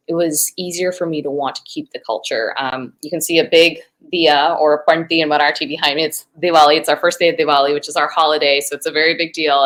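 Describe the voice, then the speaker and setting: A woman's voice: sits low, fairly bright tone, low-quality recording. A woman from the United States, a guest actress in a video-call interview, talking enthusiastically and rambling a little.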